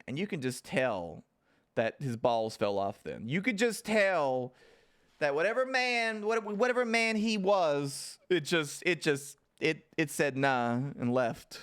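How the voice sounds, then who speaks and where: A man talks through a TV episode at an unhurried, halting pace, stopping often for fillers and restarts. His voice is smooth and sits a little high for a man. He keeps the tone loose and casual, swearing and laughing here and there. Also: lively intonation, fairly bright tone. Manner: rambling, halting recap with many fillers and restarts. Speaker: TV show reviewer. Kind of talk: casual livestream episode recap.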